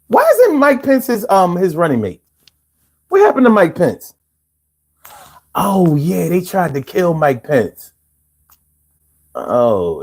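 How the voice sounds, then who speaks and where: A man hosting a live stream, ranting casually and with lots of swearing while he talks straight to the viewers in chat. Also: on the high side. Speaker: livestream host.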